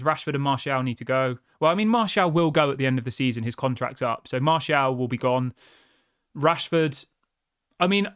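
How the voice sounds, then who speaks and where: In a smooth, slightly bright mid-range voice, a man hosting a football channel reads out what viewers wrote and reacts bluntly and with frustration, keeping it conversational and frequently using "mate." Studio-quality audio, no room sound.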